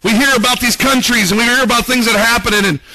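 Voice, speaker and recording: A man's voice: very high voice, fairly even intonation, quick pace, creaky, sharp tone, dry recording, poor audio. A man preaching a conversational sermon, reading scripture aloud and asking the congregation rhetorical questions. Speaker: pastor.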